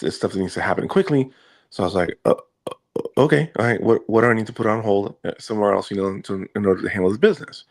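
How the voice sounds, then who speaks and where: A man's voice: fairly low pitch, creaky. A man co-hosting a podcast, telling a story in casual chat with crude jokes and lots of repeated words. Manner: crude joking, repeats himself. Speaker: podcast co-host.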